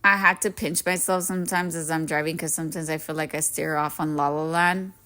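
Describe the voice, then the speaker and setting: A woman's voice: low voice, steady tone, brisk, bright, forceful tone. A woman in her thirties hosting a solo podcast, talking earnestly and emotionally about self-growth and encouraging her listeners. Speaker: podcast host. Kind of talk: reflective solo podcast talk.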